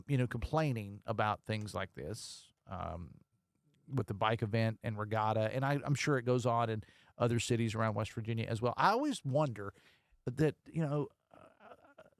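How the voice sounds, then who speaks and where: A man's voice: mid-range voice, no room sound, clean studio sound. A man hosting a radio talk show, reading listener texts aloud and chatting loosely. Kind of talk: casual call-in show chat.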